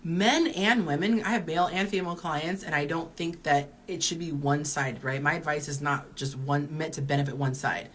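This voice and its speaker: A woman's voice: low-pitched, normal speed, few pauses, a bit bright, slight background noise. A woman in her early forties, a dating coach, giving candid advice in a chatty live-stream Q&A while reading viewer comments aloud. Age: early 40s.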